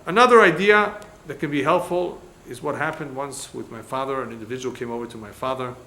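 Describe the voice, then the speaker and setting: Bright-voiced rabbi lecturing, echoey room. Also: male voice, medium pitch, brisk. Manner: animated storyteller, acts out quoted dialogue. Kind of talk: lecture with storytelling. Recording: echoey room, faint background noise.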